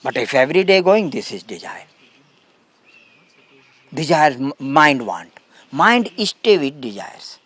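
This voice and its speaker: A man giving a spiritual talk to a gathering in simple, broken English, calmly repeating short phrases. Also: fairly high pitch, slow, long pauses, no echo. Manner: calm, emphatic contrasts. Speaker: spiritual teacher.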